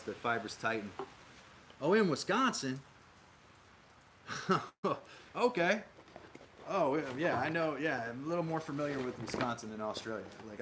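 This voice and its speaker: Rambling Minnesota-born man over loud noise. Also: mid-range voice. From Minnesota, USA. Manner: rambling, answers chat aloud, many fillers and restarts. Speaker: livestream host. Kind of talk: casual livestream chat with viewers. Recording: loud background noise with clicks.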